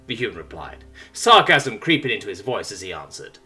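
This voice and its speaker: Man, story narrator, understated delivery, animated pitch, very bright voice. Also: fast, few pauses, husky, soft background music.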